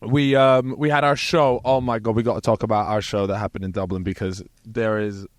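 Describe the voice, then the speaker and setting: A man's voice: lowish voice, steady tone, brisk, no room sound. A man co-hosting a podcast in casual chat, telling long rambling stories and swearing freely, recorded inside an RV. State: hungover. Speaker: podcast co-host. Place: inside a parked RV.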